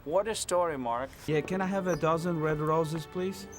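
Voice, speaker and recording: A man's voice: a little high, moderate pace, lightly acted. An actor playing an awkward man buying flowers in a film clip, with stilted, oddly cheerful delivery. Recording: film clip with music, distant. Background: music.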